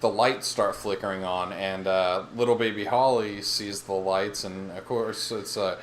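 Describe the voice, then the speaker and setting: A man with a lowish voice co-hosts a podcast, talking loosely and laughing as he retells scenes. He acts out bits of dialogue as he goes. A faint hiss sits under the recording. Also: fairly even intonation, a little slow. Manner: rambling, laughs often, acts out quotes. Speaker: podcast co-host. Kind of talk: casual recap chat.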